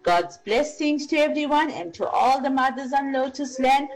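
An older woman leaving a voice note full of blessings, slow and deliberate. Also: high voice, animated, low-quality recording.

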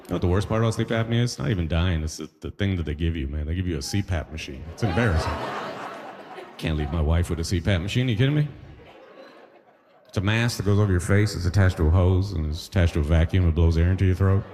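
A man's voice: sits low, fast, darkish tone, big-room sound. A man from the Caribbean performing a conversational stand-up comedy set, with punchy asides.

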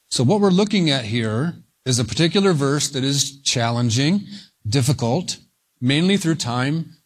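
Slow, deliberate male preacher. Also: medium pitch. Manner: slow, deliberate, stressing single words. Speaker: pastor. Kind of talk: sermon, verse-by-verse Bible teaching.

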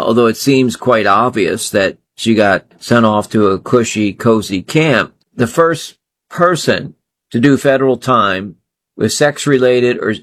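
A man hosting a solo political commentary show, talking in an indignant, scornful way and piling up phrase after phrase. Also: mid-range voice.

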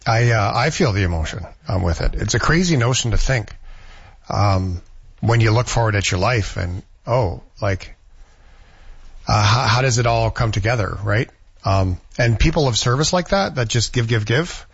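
A man's voice: fairly low pitch, animated, moderate pace, slightly rough, no echo. A man hosting a talk show in easygoing casual chat, reflective in manner. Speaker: radio host. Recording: dry, dull lo-fi sound.

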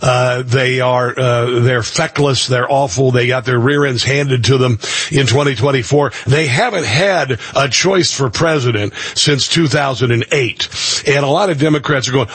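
Husky joking male radio host. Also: medium pitch, moderate pace, a bit bright, no room sound. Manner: joking, self-mocking, rambling. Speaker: radio talk show host. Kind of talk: casual radio banter.

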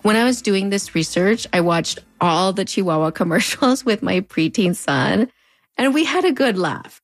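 A woman's voice: on the low side, no echo, studio quality. Wry woman with a border accent. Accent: US-Mexico border Spanish-tinged English. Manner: conversational, wry. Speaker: host. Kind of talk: narrated video essay.

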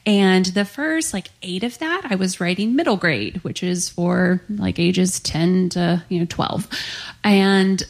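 Chatty woman writer in a live interview; some vocal fry. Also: lowish voice, takes it slowly. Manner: chatty, many likes and ums. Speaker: author being interviewed. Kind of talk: conversational interview. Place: onstage at a live author event.

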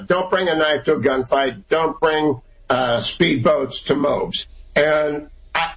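A middle-aged man speaking as a guest on political talk radio. His voice sits a little high for a man, and he makes his points in short, emphatic bursts. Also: rough recording. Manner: emphatic, rapid-fire opinionated delivery.

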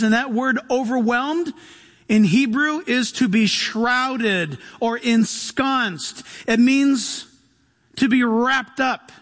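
A man preaching a sermon as a pastor, animated, swinging from loud bursts to soft hushed asides. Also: extremely high pitch, slow. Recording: long reverb of a large hall.

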